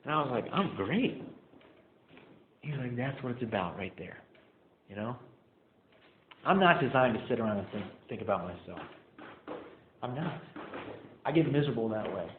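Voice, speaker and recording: Telling a group meeting about his own recovery, a young adult man speaks casually and animatedly, sprinkling in "like" and "man." His mid-range voice moves at a moderate pace with frequent pauses. The sound echoes in the room and comes over a tinny, phone-like line with faint noise behind it.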